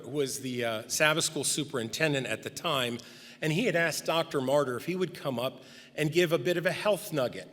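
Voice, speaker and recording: A middle-aged man giving a memorial tribute in a large church sanctuary, telling gently humorous stories about the departed. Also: fairly high pitch. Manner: anecdotal, gently humorous storytelling. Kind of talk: eulogy storytelling. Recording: long reverb in a church hall.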